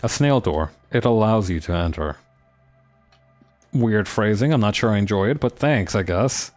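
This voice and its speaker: A man streams a game live, reading its text aloud and tossing in playful comments. His voice sits low but moves a lot in pitch. Faint music plays underneath. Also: lively intonation, normal speed, darkish tone.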